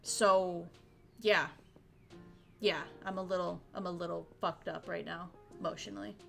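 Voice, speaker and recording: A woman's voice: fairly low pitch, steady tone, a little slow, gravelly, fairly bright tone, faint music behind. A young woman streaming in casual chat, talking frankly, swearing freely and laughing often.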